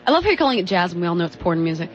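A woman's voice: lowish voice, big pitch swings, very fast, slight background noise. A woman co-hosting a talk radio show, tossing in teasing dry asides. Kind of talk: casual talk radio banter. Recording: dull lo-fi radio audio.

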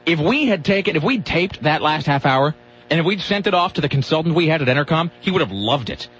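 A man's voice: on the high side, animated, fast, a bit bright, husky. Rambling self-mocking radio host, man. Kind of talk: casual talk radio banter. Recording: dull lo-fi radio audio.

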